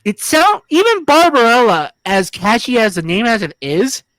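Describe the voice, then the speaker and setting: A woman's voice: a little high, big pitch swings, normal speed, fairly bright tone, no echo. A woman co-hosting a film review podcast, talking casually in a rambling, jokey, crude way with many restarts. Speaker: podcast co-host.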